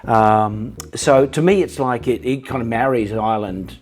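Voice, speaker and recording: Animated Australian man telling stories. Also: mid-range voice, moderate pace. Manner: animated storyteller with many restarts. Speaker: actor, interview guest. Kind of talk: casual interview chat.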